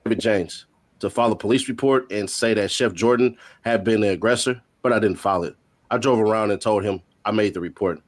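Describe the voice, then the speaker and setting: A man hosting a stream, reading courtroom testimony aloud with quick joking asides. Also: lowish voice. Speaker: host. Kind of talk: reading court transcript updates.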